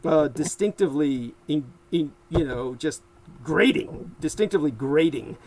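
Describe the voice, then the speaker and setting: A man co-hosting a livestream in casual chat, talking haltingly with many restarts and frequent laughs. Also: a little high, lively intonation, over a noisy crowd, poor audio. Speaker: livestream co-host.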